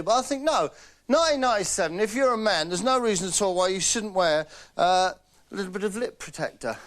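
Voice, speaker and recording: A man hosting a comedy show, rambling through a deadpan monologue full of fillers and asides. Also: high voice, a little hiss or hum. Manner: rambling, chatty, frequent fillers and "right?". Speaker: comedy host. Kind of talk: deadpan comic monologue in character.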